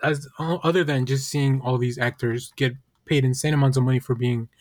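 A man's voice: medium pitch, steady tone, fairly quick, slight background noise. A man co-hosting a podcast, talking loosely and rambling with plenty of fillers. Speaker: podcast co-host. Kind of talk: casual podcast chat.

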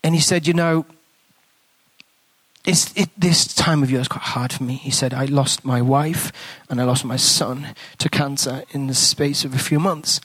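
A priest, appearing as a guest speaker, tells a story during a sermon in a mid-range voice at normal speed, with no room sound. His storytelling is animated, and he acts out the conversations, dropping to a hush in the tender moments.

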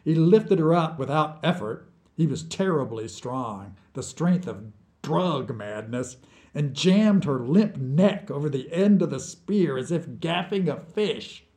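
A man reading his own short story aloud as scripted narration, with slow, deliberate storytelling. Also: on the high side, lively intonation, mellow.

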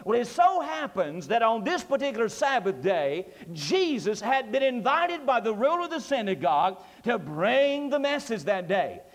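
A man's voice: very high voice, sing-song, normal speed, hardly any pauses. A pastor, preaching a sermon emphatically and repeating his lines with rising force. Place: church sanctuary. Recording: reverberant church hall.

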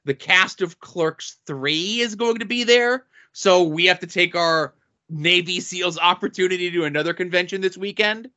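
A bright, fairly high-voiced man co-hosts a casual podcast and works through long guest lists with deadpan asides. His voice comes through dull, lo-fi audio. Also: normal speed. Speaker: podcast co-host.

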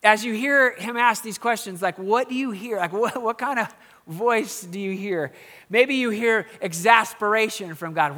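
A pastor preaching a sermon in a conversational way, with quiet asides and emphatic rising questions. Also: male voice, high voice, normal speed.

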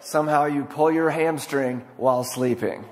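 A man's voice: on the high side, moderate pace. Emphatic male pastor in a reverberant hall. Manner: emphatic, swinging from loud to hushed. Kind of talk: sermon.

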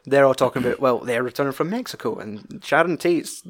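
A man's voice: medium pitch, expressive, a little fast. A young man with a Scottish accent chatting casually about a film, rambling and swearing freely.

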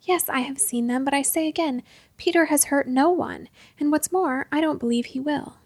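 A woman putting on a quiet old village elder in a storybook, a man who never raises his voice and talks things down with calm, gentle reasoning. His voice sits high and lifted, recorded close and dry. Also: moderate pace, no room sound. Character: soft-spoken older male village elder.

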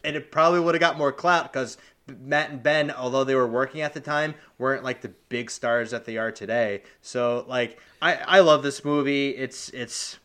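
A man's voice: mid-range voice, pushed and bright. A man co-hosting a podcast, chatting casually and filling his talk with "like". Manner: talks fast with lots of "like" fillers. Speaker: podcast co-host. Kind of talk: casual chat.

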